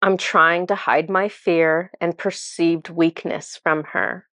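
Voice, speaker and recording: Chatty woman with a lowish voice. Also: steady tone, takes it slowly, fairly bright tone, no room sound, clean studio sound. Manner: chatty, filler-heavy, laughs at herself. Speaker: spiritual channeler. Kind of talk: casual retelling of a spiritual vision.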